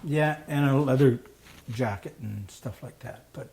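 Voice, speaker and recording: Casually recounting a story, a man guesting as a storyteller speaks in a mid-range voice at a measured pace. He turns animated, voicing the people he quotes, with frequent laughter.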